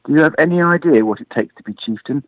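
A man's voice: fairly high pitch, expressive, quick pace, no room sound, muffled recording, pitched above the performer's own voice, lightly acted. A man voicing a stern, bossy older sister rabbit in a storybook reading, scolding and lecturing.

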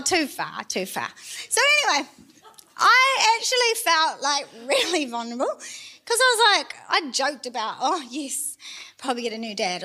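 Kiwi lady pastor, chatty and jokey, high bright voice, telling her own story. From New Zealand. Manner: chatty, self-deprecating, laughing asides. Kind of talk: personal testimony sermon.

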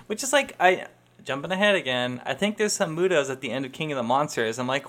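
A man who is a guest on a podcast, chatting casually, curious and quick to laugh. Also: on the high side, expressive, fairly bright tone. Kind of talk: casual chat.

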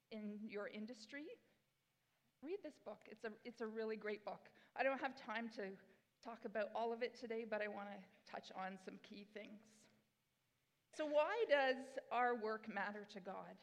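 Chatty woman preaching in a reverberant church. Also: fairly high pitch. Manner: chatty, self-deprecating, enthusiastic. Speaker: pastor. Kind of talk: sermon. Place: church sanctuary. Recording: long hall reverb in a church.

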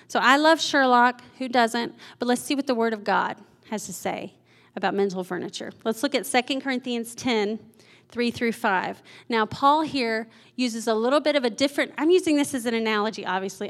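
A woman's voice: fairly high pitch, fairly bright tone. A woman preaching a sermon in a conversational way, often laughing and asking the audience questions.

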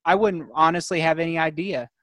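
A man's voice: on the high side, fairly even intonation, fairly quick, fairly bright tone, no echo. A man guest in a casual panel discussion, chiming in agreeably.

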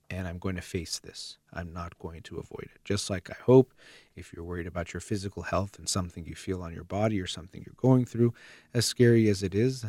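Deep-voiced man giving earnest advice. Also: dry recording, clean studio sound. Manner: earnest, steady, explanatory. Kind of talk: advice monologue.

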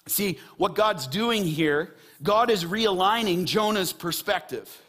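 A pastor delivers a sermon emphatically, swinging from loud, rising passages to quiet, low asides and firing many rhetorical questions at the congregation. He is animated and unhurried, with few pauses.

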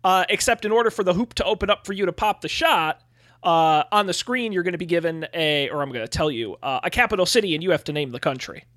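A man's voice: sits high, quick pace, a bit bright, dry recording. A man running a tabletop game as game master, chatty and full of "uh" fillers.

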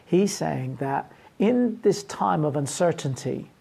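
A woman's voice: deep voice, animated, takes it slowly, creaky, dark tone, slightly rough. A woman pastor giving an earnest sermon, often restarting and repeating words.

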